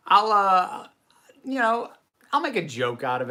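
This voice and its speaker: A man's voice: sits high, huge pitch swings, a little slow, bright, forceful tone. A man hosting a casual livestream. He chats and answers viewer comments in a self-deprecating way. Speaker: host.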